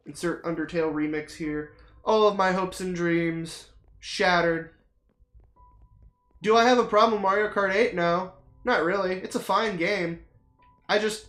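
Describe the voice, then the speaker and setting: A streamer rambling to viewers while playing a game, swearing a lot and ranting in a dramatic, excitable way. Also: mid-range voice, echoey room.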